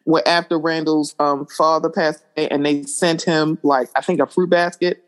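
A woman chatting over a video call, animated and profane as she tells stories about a TV show. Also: low-pitched, moderate pace. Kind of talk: casual chat recapping a TV episode.

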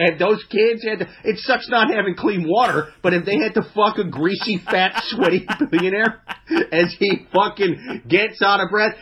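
A man's voice: sits high, slightly rough. A man in casual podcast chat, rambling and profane, often acting out mocking voices. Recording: dull lo-fi sound.

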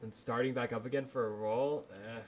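A man chatting casually about a movie, relaxed and blunt in his opinions. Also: medium pitch, a little fast, a little hiss or hum.

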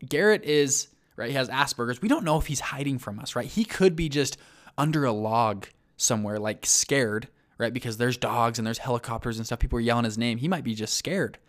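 A man telling a story in a casual interview, lively, with lots of fillers and restarts and acted-out quotes. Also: medium pitch, fairly quick. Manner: animated, many fillers and restarts, acts out quotes. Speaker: guest recounting a search-and-rescue story.

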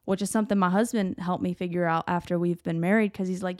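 A woman's voice: on the low side, fairly even intonation, quick pace, few pauses, no room sound. Woman, young adult, podcast host, casual faith talk, rambling, repeats words, fillers, dry close sound. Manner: rambling, repeats words, many "like" and "you know", laughs often.

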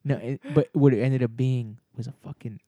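His medium-pitched voice moves fairly quickly as this man, one of a casual podcast's co-hosts, narrates a story full of swearing and acted-out characters in an animated way. The recording is dry.

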